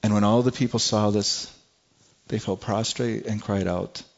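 A man's voice: lowish voice, fairly even intonation, normal speed, vocal fry, muffled recording. Stammering male preacher in a sermon. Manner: repeats and restarts words, asks the listeners rhetorical questions. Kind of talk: sermon with scripture reading.

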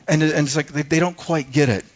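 A man's voice: on the high side, steady tone, fast. Earnest stammering male pastor preaching. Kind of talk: sermon. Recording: dull lo-fi sound.

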